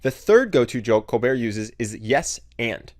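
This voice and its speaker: A man giving scripted narration, clear and explanatory. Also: medium pitch, very animated, unhurried, a little mellow, no echo, clean studio sound.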